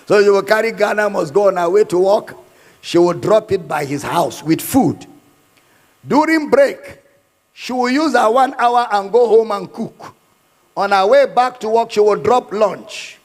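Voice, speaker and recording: A man's voice: sits high, expressive, measured pace. A man preaching a sermon in a church, emphatic and given to repeating his points. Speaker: pastor. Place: church hall. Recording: hall reverb.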